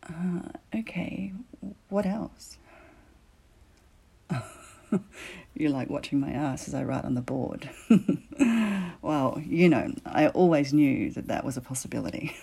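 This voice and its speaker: Woman doing a teasing teacher in an audio role-play, low gravelly voice, slow and drawn out, whispers a lot. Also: expressive, full character voice. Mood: seductive. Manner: teasing, drops into soft whispers. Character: teasing, commanding female teacher, adult woman.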